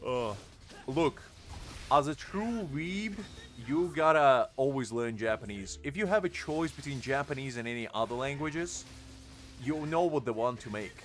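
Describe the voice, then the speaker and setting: A man's voice: mid-range voice, animated, measured pace. A young man streaming a game, chatting casually with his viewers in a joking, rambling way and answering them by name. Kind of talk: casual live-stream chat.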